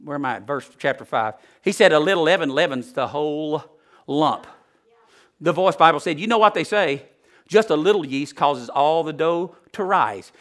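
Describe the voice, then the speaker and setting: Male preacher, folksy sermon, bright ringing tone, swings loud to hushed. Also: on the high side.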